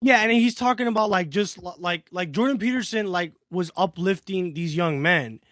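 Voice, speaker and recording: A man's voice: high voice, normal speed, fairly bright tone, no echo, clean studio sound. A man co-hosting a casual podcast chat, rambling with lots of filler words. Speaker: podcast co-host.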